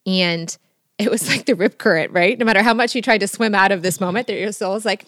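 A woman hosting a casual podcast interview, telling stories in an animated, emphatic way. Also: mid-range voice, fast talker, no echo, clean studio sound. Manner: animated storytelling, expressive and emphatic. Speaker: podcast host.

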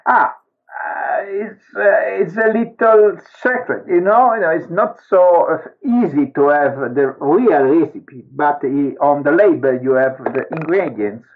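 A man's voice: a little high, unhurried. A man, explaining a product with hesitant fillers. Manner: hesitant, with many fillers, and animated. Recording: tinny phone-like clip with music behind.

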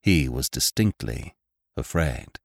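A man narrating a classic short story in an expressive, theatrical manner. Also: very deep voice, takes it slowly, gravelly, dry recording, clean studio sound.

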